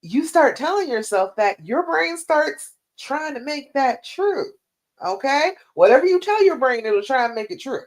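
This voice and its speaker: A woman coach chatting live to her viewers, her pitch swooping up and down as she stresses points. She talks in a lively, emphatic way, speaking straight to the audience. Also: normal speed. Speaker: relationship coach. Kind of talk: live-stream advice chat.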